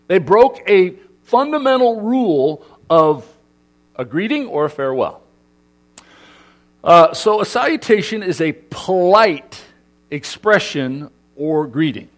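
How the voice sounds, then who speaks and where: A middle-aged man from Southern California, playfully quizzing and joking with a live audience as he speaks to a congregation. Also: sits high. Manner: playful, asks the audience questions and jokes with them. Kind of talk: lively talk to a live audience.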